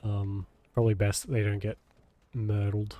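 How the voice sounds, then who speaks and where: A man's voice: on the low side, little pitch movement, moderate pace, warm tone, no echo. A man streaming a video game, talking casually with a nasal, congested voice from a cold, joking and swearing. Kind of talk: casual gameplay commentary.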